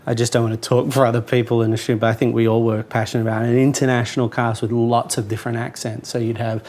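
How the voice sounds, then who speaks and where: A man's voice: medium pitch, level tone, quick pace, a little mellow. An Australian comedian explaining his ideas in casual chat, earnest and thoughtful.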